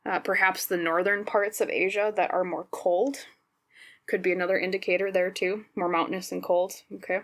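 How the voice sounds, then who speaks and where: A woman's voice: fairly low pitch, flat delivery, fairly quick. A woman with a Minnesotan accent giving a casual, rambling pick-a-card tarot reading, often checking in with the viewer. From Minnesota, United States. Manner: chatty, rambling, often checks in with "okay?" and "right?". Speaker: tarot reader, channel host.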